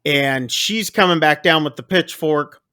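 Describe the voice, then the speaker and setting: A man co-hosting a podcast, casually retelling a film scene by scene in a rambling, animated way. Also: fairly high pitch, measured pace, smooth. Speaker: podcast co-host.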